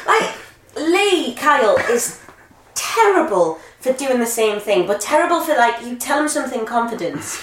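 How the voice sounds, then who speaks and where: A woman's voice: fairly high pitch, sing-song, normal speed, distant mic. A woman, a comedian, telling a story in casual chat, swearing and laughing. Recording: roomy echo, faint background noise.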